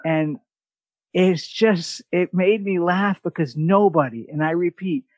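This New York podcast host, a new man, spins stories in a relaxed chat, his high-pitched voice moving a little slowly. He gets animated, imitates the voices of people he quotes, and curses casually. The recording is dry with no room sound.

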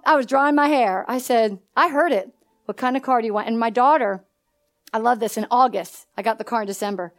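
Woman pastor, high voice, call-and-response sermon with personal stories. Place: church hall.

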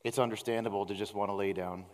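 Low-voiced male pastor preaching in a reverberant hall. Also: steady tone, fast talker, a little mellow. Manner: earnest, conversational preaching with repetition. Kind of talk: sermon. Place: church sanctuary.

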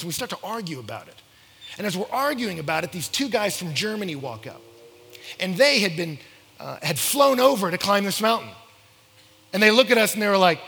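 Young guy spinning a story in a big echoey hall, bright voice, gets loud when he acts out the lines. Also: big pitch swings, fairly quick. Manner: acts out quotes with big jumps in pitch and volume. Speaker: speaker telling a story. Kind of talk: animated storytelling talk. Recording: echoey hall with faint noise.

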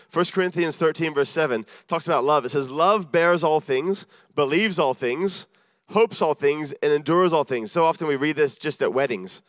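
A man delivers a sermon in an earnest, self-deprecating manner and acts out the people he quotes. His voice sits high for a man. The sound is dry and close, with no room echo. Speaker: preacher.

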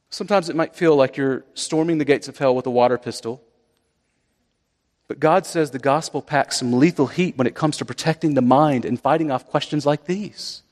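A man delivers an earnest sermon and keeps pressing his listeners with rhetorical questions. His voice sits high for a man. The sound carries a long reverb, as in a large hall. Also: fairly quick. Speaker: pastor.

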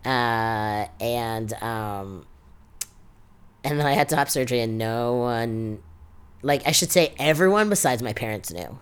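A man's voice: medium pitch, expressive, unhurried, clear, resonant tone. A young adult man with a New York accent, telling a personal story in an interview, full of "like" fillers and quoted dialogue. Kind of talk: oral history interview.

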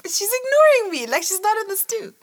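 A woman's voice: very high voice, sing-song, fairly quick, heavy background noise. A woman co-hosting a podcast in casual chat, playful and teasing, often laughing. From Africa. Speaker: podcast co-host.

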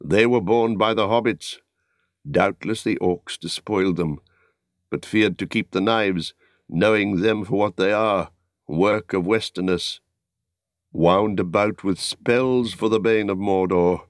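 A weary warrior leader speaks solemnly and with measure, as a male reader voices him in an audiobook. The voice is deep and close, with a dry sound. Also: unhurried, no echo, natural voice. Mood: earnest. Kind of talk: audiobook character reading.

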